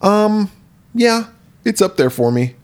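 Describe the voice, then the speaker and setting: A man's voice: high voice, takes it slowly. A man co-hosting a podcast, casually retelling a horror film's plot and swearing freely. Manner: relaxed, swears freely, retells plots with quoted voices. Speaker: podcast co-host. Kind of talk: casual film discussion.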